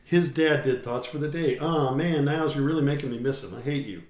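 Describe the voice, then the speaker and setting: A middle-aged man hosts a casual live-stream chat with his co-host, trading jokey, teasing banter. His voice sits at a middle pitch and rings in an echoey room. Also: fairly quick, darkish tone.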